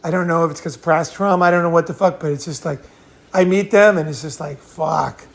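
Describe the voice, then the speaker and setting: A man's voice: a little high, fairly quick, gravelly. Blunt, profane man telling stories. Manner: blunt, profane, rambling with frequent restarts and laughs. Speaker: host. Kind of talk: casual storytelling chat.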